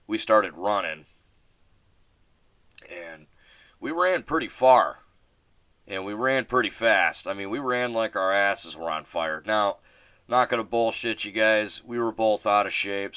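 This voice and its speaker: A man's voice: lowish voice, bright, forceful tone, clear, resonant tone, no room sound. A man hosting a casual solo podcast and telling a story in a rambling way, with lots of fillers and restarts and casual swearing. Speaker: podcast host.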